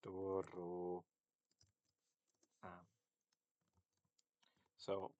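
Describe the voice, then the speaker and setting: Male tutor, deep voice, slow and halting delivery with lots of ums. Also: completely flat delivery, mellow, no room sound. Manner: hesitant, many fillers and self-corrections. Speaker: language teacher. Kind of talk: casual linguistics lesson.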